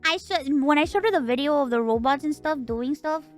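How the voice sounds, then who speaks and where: A woman streamer telling a story in animated, profane, laughing casual chat. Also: sits high, a little fast, soft background music.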